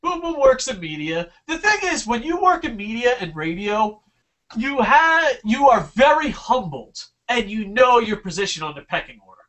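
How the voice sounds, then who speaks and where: A man's voice: very high-pitched, sing-song, moderate pace, fairly bright tone, distant mic. Swearing, rambling young guy off-mic. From New Jersey. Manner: profane, rambling storyteller. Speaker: podcast co-host. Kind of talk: casual podcast chat.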